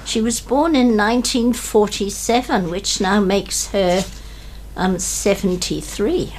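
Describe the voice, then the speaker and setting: Slow, measured woman reading poetry. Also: mid-range voice, fairly even intonation, a little hiss or hum. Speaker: guest poetry reader. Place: small radio studio with cameras. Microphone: studio microphone.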